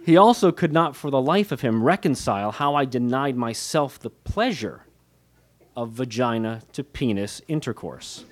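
A man's voice: mid-range voice, animated, normal speed. A man reading his own memoir aloud, with wry, candid, self-mocking humor and light laughs between phrases. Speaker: author narrating his memoir. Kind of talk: audiobook memoir narration.

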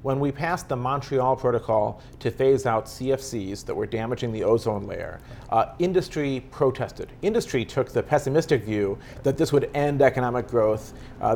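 A man, an author and technologist, giving measured, explanatory answers in an interview. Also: medium pitch, a little hiss or hum. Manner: earnest, explanatory, steady.

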